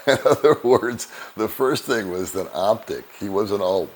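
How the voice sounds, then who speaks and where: Deep-voiced older man telling stories. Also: moderate pace, few pauses, slight background noise. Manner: relaxed, rambling anecdotes with chuckles. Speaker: vlogger. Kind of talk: casual storytelling to camera.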